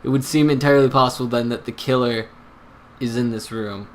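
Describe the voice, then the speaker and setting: A man voicing a formal, stern male chief inspector in a video game, measured and officious. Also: medium pitch, fairly even intonation, lightly acted. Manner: measured, officious, slow delivery.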